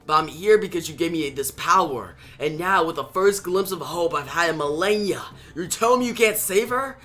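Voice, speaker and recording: Guy doing a proud ancient warrior, bright and forceful, defiant. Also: a little high, animated, normal speed, faint music behind, pitched above the performer's own voice. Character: fierce ancient male champion, proud and defiant.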